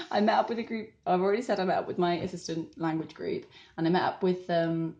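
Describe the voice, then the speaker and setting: A young adult woman working as a language assistant abroad vlogs candidly about her weeks overseas, her voice lowish, quick and darkish in tone. She laughs now and then and says "like" and "um" a lot.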